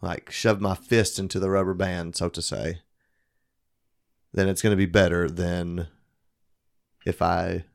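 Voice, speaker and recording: A man's voice: sits low, little pitch movement, unhurried, gravelly, pauses often. A man co-hosting a podcast, crude and joking in casual banter. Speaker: podcast co-host.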